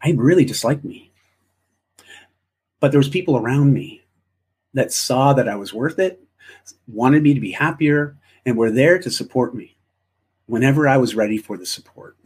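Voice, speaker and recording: Male guest, husky mid voice, thoughtful and encouraging. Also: medium pitch, lively intonation, moderate pace, long pauses. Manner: reflective, encouraging, frequent restarts. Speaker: interview guest. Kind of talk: casual interview chat.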